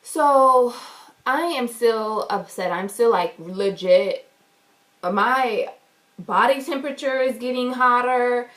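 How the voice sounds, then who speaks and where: A woman's voice: a little high, takes it slowly, fairly bright tone. A woman vlogger telling a story in an indignant, emphatic way, swearing freely. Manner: indignant, emphatic and profane retelling. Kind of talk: storytime vlog.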